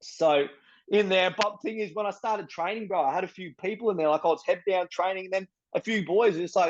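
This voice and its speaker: A young Australian man telling his story as an interviewee, blunt and profane, full of street slang and animated retellings. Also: high-pitched, fast, muffled recording. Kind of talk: casual storytelling.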